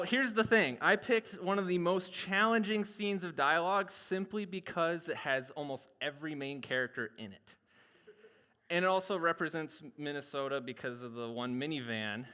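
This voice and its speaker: A man's voice: fairly high pitch, bright, forceful tone. A man, a pastor, chatting playfully on a live stream.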